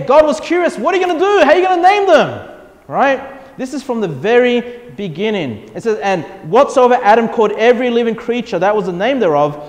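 A man preaching a sermon as a pastor, reading scripture and acting out voices in prayers. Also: high-pitched. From Australia. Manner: animated preaching, acts out God's voice and people's prayers. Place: church hall. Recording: echoey church hall.

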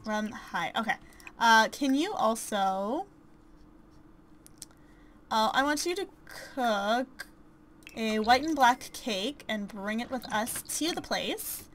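A woman's voice: fairly high pitch, animated, slow pace, long pauses, fairly bright tone, a little hiss or hum. A woman casually commentating a life-sim game, chatty and self-deprecating, with frequent ums and small laughs. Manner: chatty and self-deprecating, with many fillers and giggles. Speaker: gameplay commentator. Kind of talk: casual let's-play commentary.

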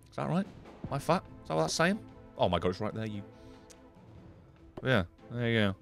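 Excitable sweary man gaming. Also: mid-range voice, fairly quick, gravelly, soft background music. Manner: excitable and sweary, swinging between mutters and yelps. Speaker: streamer playing a video game. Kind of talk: casual gameplay commentary.

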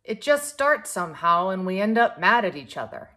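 A woman voicing an upset little girl who quarrels with her friend, in a high pleading voice. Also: very animated, normal speed, pushed and bright. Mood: sad.

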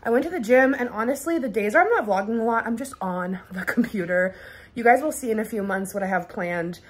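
At home in her bedroom, a young lifestyle vlogger talks casually to camera in a brisk, slightly rough mid-range voice. She's chatty and giggly, her speech full of "like" and "um".

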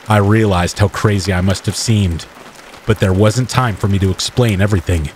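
Low voiced guy reading a scary story, steady and measured, faint rain under it. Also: a little hiss or hum. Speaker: narrator. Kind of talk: first-person horror story narration. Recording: faint rain ambience mixed behind the voice.

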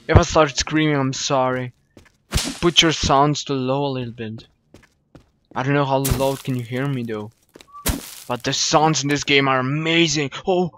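Young man, gameplay commentary, excitable and jumpy, slightly high voice, faint background hiss. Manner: excitable, jumpy, swears when startled. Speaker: gaming YouTuber. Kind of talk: first-play horror game commentary.

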